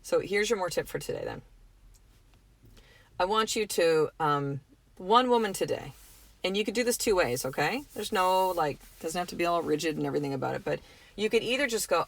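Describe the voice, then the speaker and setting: A woman's voice: medium pitch, expressive, quick pace, no echo. A middle-aged woman hosting her own podcast, talking in a casual, earnest, motivational way, full of fillers and the odd swear word. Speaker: podcast host. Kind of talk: motivational solo podcast talk.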